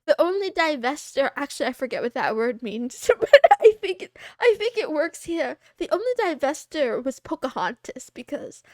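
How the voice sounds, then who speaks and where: A woman in her twenties chatting on a livestream, rambling from thought to thought and poking fun at herself between giggles. Her voice sits high. The sound is close and dry, with no room around it. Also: sing-song, moderate pace, few pauses, dry recording. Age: 20s. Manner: rambling, giggly, self-deprecating. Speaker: streamer. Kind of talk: casual livestream chat.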